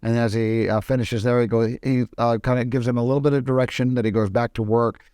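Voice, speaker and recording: A man explaining film production in a casual, screen-recorded tutorial, often pausing and restarting his sentences. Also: medium pitch, steady tone, darkish tone, clean tone, dry recording, studio quality. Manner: hesitant, with frequent restarts.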